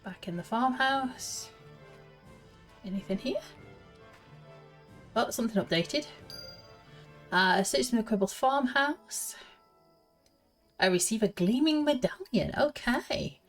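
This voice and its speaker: A woman's voice: on the high side, animated, slow, long pauses, soft background music. A woman streamer casually thinking aloud and giggling as she plays through a game quest. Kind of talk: casual gameplay commentary.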